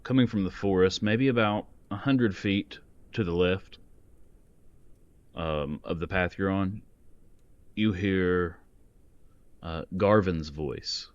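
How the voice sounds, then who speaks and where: Slow-talking man running a tabletop game. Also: low voice, no echo, lo-fi sound. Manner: slow, hesitant narration with many ums. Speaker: game master.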